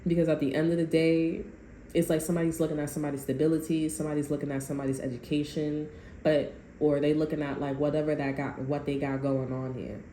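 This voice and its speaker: A woman giving a casual, animated tarot reading, full of profanity and asides to her viewers. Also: low-pitched, quick pace. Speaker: tarot reader. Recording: echoey room, faint noise.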